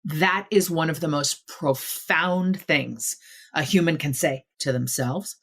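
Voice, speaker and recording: A woman's voice: low voice, takes it slowly, fairly bright tone, breathy edge. A middle-aged woman speaking as a guest author in a podcast interview, in an earnest, emphatic way that builds points in lists.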